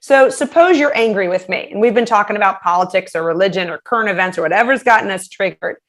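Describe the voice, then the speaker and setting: A woman's voice: medium pitch, fast. A woman giving practical communication advice as an interview guest, talking animatedly and acting out example phrases. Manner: animated, acts out quoted phrases in shifting voices.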